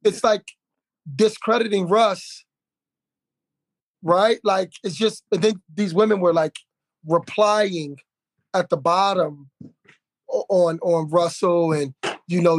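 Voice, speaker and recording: A man hosting a podcast, telling a story in a lively way, acting out quotes with plenty of fillers and restarts. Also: high-pitched, takes it slowly, long pauses, no echo. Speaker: podcast host. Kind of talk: casual podcast conversation.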